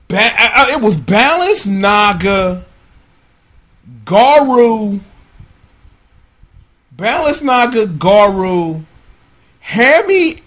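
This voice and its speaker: High-pitched young male vlogger, animated and profane, riffing through a show recap. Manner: slangy, profane, animated storytelling. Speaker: vlogger reviewing a TV episode. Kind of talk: casual comedic review.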